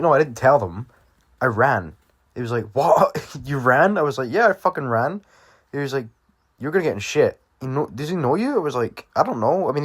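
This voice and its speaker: A young man from Britain casually telling a personal story to his viewers, rambling with lots of swearing and fillers. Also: on the low side. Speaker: vlogger.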